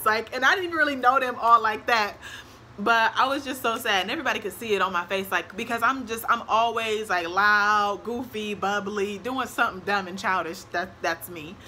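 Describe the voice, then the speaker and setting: A young woman tells a casual storytime, animated, acting out quotes and laughing often. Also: medium pitch, a little hiss or hum. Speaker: vlogger.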